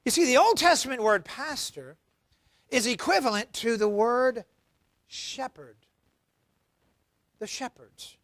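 A man preaching a sermon as pastor, emphatic, swinging between loud emphasis and quiet asides. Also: extremely high pitch, expressive, slow, pauses often, no room sound, studio quality. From United States.

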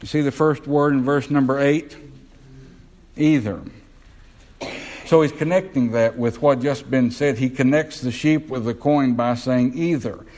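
A man preaching a sermon, putting questions to the congregation and slowing down to stress key words. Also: medium pitch, a little mellow, low-quality recording.

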